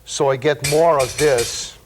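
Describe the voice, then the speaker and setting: A man with a Brazilian Portuguese accent, a native Portuguese speaker, gives a relaxed percussion class, rambling loosely and dropping in vocal sound effects. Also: medium pitch, takes it slowly. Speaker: percussion teacher. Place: room with percussion table. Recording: loud percussion noise and clicks.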